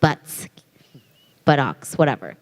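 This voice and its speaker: A woman answering questions on a convention panel, telling an anecdote in a lively way and acting out the other people in it. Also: a bass voice, slow pace. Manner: animated storyteller, acts out voices in anecdotes. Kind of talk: casual panel Q&A. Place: large convention hall. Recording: long hall reverb.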